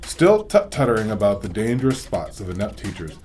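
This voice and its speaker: A man reading a storybook aloud as host, with expressive, varied delivery. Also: fairly low pitch, brisk, faint music behind. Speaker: reader, host.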